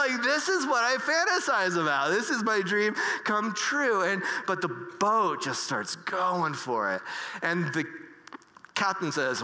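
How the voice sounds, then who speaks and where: A man's voice: high voice, big pitch swings, bright, forceful tone. Earnest man telling a story in a hall. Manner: halting, many restarts and fillers; earnest and emotional. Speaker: speaker. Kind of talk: personal storytelling talk. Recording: reverberant hall.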